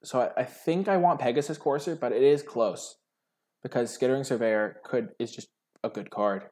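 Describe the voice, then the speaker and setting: A man's voice: mid-range voice, moderate pace, darkish tone. A young man hosting a card game video, thinking aloud over his draft picks in a musing, hesitant way full of filler words.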